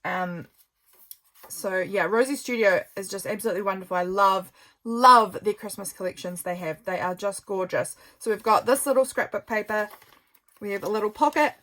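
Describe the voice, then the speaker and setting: With a medium-pitched voice and moderate pace, a woman from New Zealand shows her handmade journals in a casual show-and-tell. She talks in a chatty, gushing, gently rambling way, sounding tired and yawning now and then.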